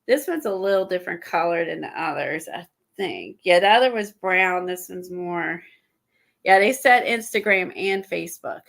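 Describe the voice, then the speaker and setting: A woman chatting casually on an art livestream, a little out of breath and stuffy, rambling with halting fillers and restarts. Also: on the low side, lively intonation, creaky, a bit bright. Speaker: guest showing art supplies.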